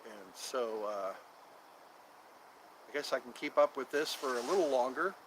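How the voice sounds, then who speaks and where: A man's voice: mid-range voice, lively intonation, unhurried, fairly bright tone, a little hiss or hum, rough recording. Rambling man livestreaming outdoors. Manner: rambling, repeats himself, talks to viewers. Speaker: livestream host. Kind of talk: casual livestream chat. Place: outdoors in the cold. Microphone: phone.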